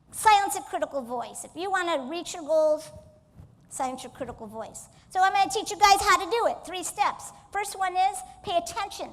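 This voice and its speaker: A woman motivational speaker giving a keynote on stage, energetic and coaxing the audience to join in. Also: very high-pitched, long reverb tail. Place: stage in a large hall.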